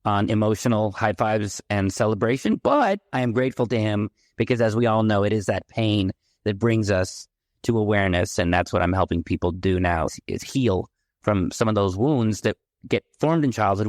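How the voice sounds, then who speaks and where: A middle-aged man from the San Francisco Bay Area, a podcast guest telling his childhood story in a candid, animated way. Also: on the low side, moderate pace, dry recording, clean studio sound. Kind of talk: personal storytelling in a podcast interview.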